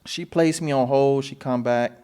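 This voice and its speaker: Animated man telling his own story. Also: medium pitch, moderate pace, clean tone. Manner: animated, acts out phone calls in voices, swears. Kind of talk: casual storytelling.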